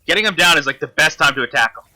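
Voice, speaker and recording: A man's voice: fairly high pitch, lively intonation, racing, bright, forceful tone. A man commentating his own gameplay, frustrated and swearing constantly at the enemy he is fighting. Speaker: gamer.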